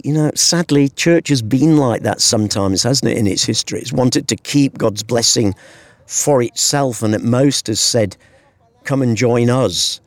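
A British man, a guest Bible teacher, explains a Bible story outdoors at the edge of a hilltop cliff, earnest and conversational with rhetorical asides. His mid-range voice is a little mellow, and there's no echo.

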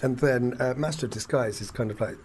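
A man's voice: mid-range voice, a little fast, darkish tone, a little hiss or hum. A man co-hosting a podcast in casual, jokey chat, laughing often. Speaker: podcast co-host.

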